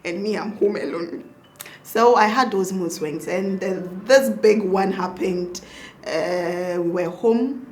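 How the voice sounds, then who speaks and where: Animated Ghanaian woman telling stories. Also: mid-range voice, a little hiss or hum. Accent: Ghanaian English. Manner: animated, laughing, acts out quotes. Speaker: pediatric doctor and mother, guest. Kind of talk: casual storytelling interview.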